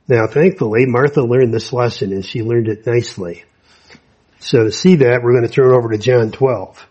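A man preaching a sermon to young people, unhurried, with folksy asides and many fillers. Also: mid-range voice, a little mellow, breathy edge, dull audio.

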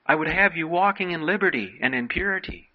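A man's voice: on the high side, animated, a little fast. Earnest male preacher, muffled recording. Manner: earnest exhorting, quotes King James scripture. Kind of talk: sermon.

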